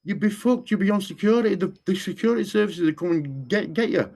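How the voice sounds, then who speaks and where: A man's voice: high-pitched, animated, quick pace, vocal fry, a little mellow. A man, rambling in casual chat and often repeating the same stock phrase. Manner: rambling, repeats "what I'm saying to you".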